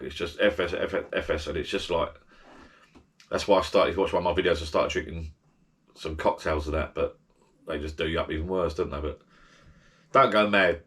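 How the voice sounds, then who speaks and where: A man's voice: low voice, fairly even intonation, fast, long pauses, fairly bright tone. A man giving rambling, chatty holiday advice as a travel vlogger, full of restarts and asides. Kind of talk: casual holiday advice chat.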